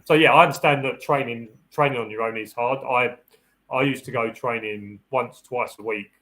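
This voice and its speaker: Hosting a casual live-stream Q&A, a mid-pitched security dog handler talks through dog training with a fairly bright tone. He keeps it practical and down-to-earth, looping back and restarting sentences, and voices the dog's thoughts in a raised pitch. Audio quality is poor.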